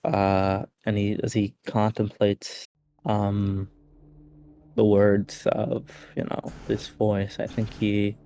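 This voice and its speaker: A man's voice: fairly low pitch, monotone, slow pace, creaky, dark tone, no echo. A man playing a tabletop game, talking hesitantly while he decides what his character does. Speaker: player. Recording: faint background music.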